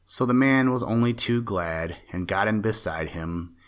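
A man narrating a fairy tale aloud in a steady, measured reading. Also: fairly low pitch, clear, resonant tone. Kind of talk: storybook narration.

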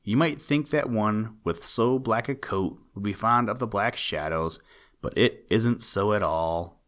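A man with a fairly low voice narrates a children's animal story, his storytelling measured and gently emphatic.

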